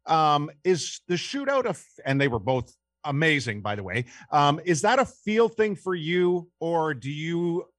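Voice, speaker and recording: A man's voice: fairly high pitch, big pitch swings, unhurried, fairly bright tone, no echo. Enthusiastic male podcast host, dry sound. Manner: enthusiastic, recaps plays before asking. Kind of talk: podcast interview.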